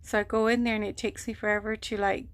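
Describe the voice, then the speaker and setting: A woman telling a long personal story on her vlog, rambling and animated, acting out what people said. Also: mid-range voice, fast talker, no echo. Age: adult, mother of a grown son. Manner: rambling, animated retelling with quoted voices. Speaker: vlogger. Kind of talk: casual storytelling.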